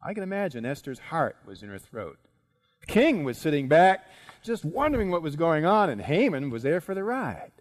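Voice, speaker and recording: A man preaching a sermon as dramatic storytelling, swinging between loud and hushed. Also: on the high side, sing-song, moderate pace.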